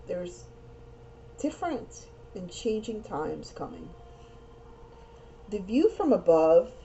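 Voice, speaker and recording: A young woman gives a casual tarot reading, talking earnestly and at length and circling back to repeat her words. Her voice is mellow and warm rather than bright. The recording sounds dull and lo-fi, with a faint hiss underneath. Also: fairly low pitch. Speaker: tarot reader. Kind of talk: casual spiritual card reading.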